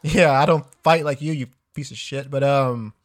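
A man's voice: medium pitch, steady tone, normal speed. A man co-hosting a podcast, laid-back, rambling and swearing a lot, tossing in dude every few words. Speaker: podcast co-host. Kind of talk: casual podcast banter.

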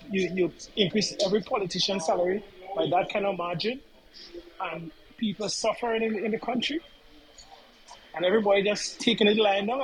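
A man's voice: sits high, slight background noise, poor audio. A man on a discussion panel sounding baffled and exasperated as he questions events. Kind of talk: casual discussion.

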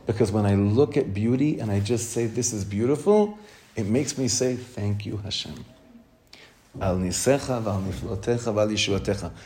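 A man's voice: fairly low pitch, a little mellow. A man teaching a Torah class for women as a rabbi, heartfelt, questioning his listeners and repeating phrases for emphasis, with Hebrew terms mixed into his English. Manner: asks the listeners questions, then answers them.

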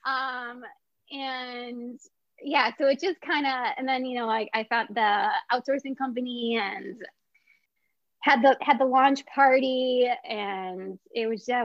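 A woman who founded a small business tells her story in a casual interview, chatty and excitable, full of filler words. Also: a little high, measured pace, no echo, muffled recording.

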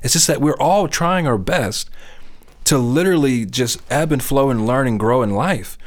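A middle-aged man talks about faith in an earnest, easygoing way. His voice sits at an ordinary middle pitch, and he often stops to ask whether his listener is following. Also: normal speed. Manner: earnest, conversational, often asks "you know what I'm saying?". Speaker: speaker on faith. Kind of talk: casual faith talk.

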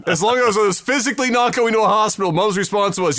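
High, bright man chiming in. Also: dry recording, clean studio sound. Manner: laughs often, chimes in with quick remarks, swears. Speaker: podcast co-host. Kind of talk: casual chat.

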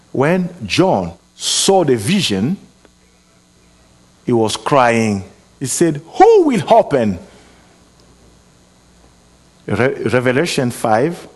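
Man, foreign accent, preaching, earnest exhortation, hesitant restarts, slow delivery. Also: medium pitch. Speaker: guest preacher. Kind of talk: sermon.

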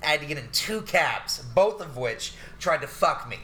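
A man co-hosting a podcast, telling stories in a loose, profane, animated way. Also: fairly high pitch, moderate pace. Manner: profane, animated ranting storyteller. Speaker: podcast co-host. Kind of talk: casual chat. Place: New York.

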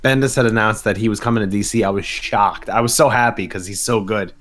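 A man's voice: lowish voice, fairly even intonation, quick pace, a bit bright. A man co-hosting a podcast, chatting casually about comics with stammering restarts. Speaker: podcast co-host. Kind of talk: casual comic book review chat.

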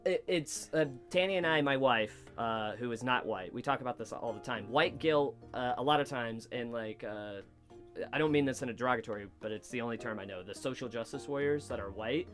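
A man's voice: medium pitch, a little fast, soft background music. Rambling, swearing man chatting. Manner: rambling, swears often, animated quoting. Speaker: podcast host, comedian. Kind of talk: casual chat. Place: basement studio.

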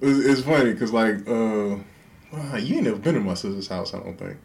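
A man's voice: lowish voice, animated, brisk, creaky, darkish tone. A man, hosting a podcast and telling profane stories in a casual chat, laughing often. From Houston, Texas. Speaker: podcast host.

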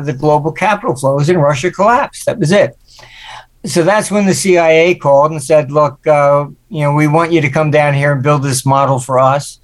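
Older male guest; casual storyteller, slips into quoted voices. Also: on the high side. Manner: anecdotal, acts out quoted voices. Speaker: guest, market forecaster. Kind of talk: interview storytelling.

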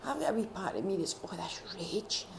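A woman's voice: medium pitch, very animated, creaky, very noisy. Scottish woman giving a heartfelt testimony. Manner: heartfelt, halting, with many restarts. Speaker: retreat participant sharing testimony. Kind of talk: personal faith testimony. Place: retreat gathering room.

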